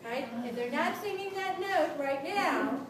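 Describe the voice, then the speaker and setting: Brief: high-pitched woman vocal coach, brisk group lesson, sung demos, heard from afar in an echoey, noisy classroom. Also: animated. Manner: brisk, encouraging, checks in with "right?"; sings demonstration notes. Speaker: vocal instructor. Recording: echoey room from a distance, noisy.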